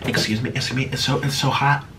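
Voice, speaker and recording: A man hosting an eating vlog at home, chatting casually while he eats, swinging between bubbly high exclamations and low mumbled asides. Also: steady tone, quick pace, noisy background. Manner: chews and talks while eating. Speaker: mukbang host.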